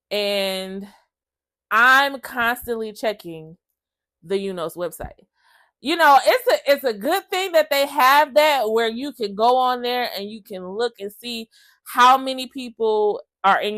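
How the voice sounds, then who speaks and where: A woman's voice: fairly high pitch, no echo. A woman telling her own story to camera in a casual vlog, emotional and chatty, speaking straight to her viewers. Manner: emotional, lively storytelling that acts out other people's lines; chatty, addresses viewers as y'all.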